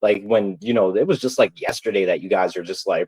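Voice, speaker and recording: A man's voice: sits low, a little fast, few pauses, a little mellow, husky, rough recording. A man ranting angrily to his livestream viewers, heated, profane and repetitive. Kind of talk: angry livestream rant.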